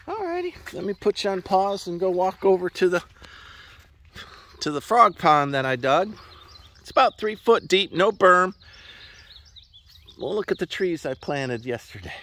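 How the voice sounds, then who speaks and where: A man's voice: high voice, sing-song, measured pace, pauses often, fairly bright tone. Guy on his ranch, folksy rambling, voice bounces up and down a lot, outdoors. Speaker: farm vlogger. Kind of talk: casual walk-and-talk vlog. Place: outdoors on a ranch in a wet meadow.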